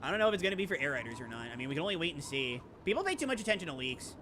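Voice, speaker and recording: A woman's voice: sits low, sing-song, very fast, a bit bright, a little hiss or hum. A woman streaming a video game, chatting casually and rambling in a self-mocking way as she reacts to chat. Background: game music.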